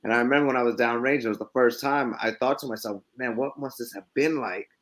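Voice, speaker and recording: A man's voice: mid-range voice, fast, fairly bright tone. A middle-aged man in a casual podcast conversation, telling stories reflectively with many restarts.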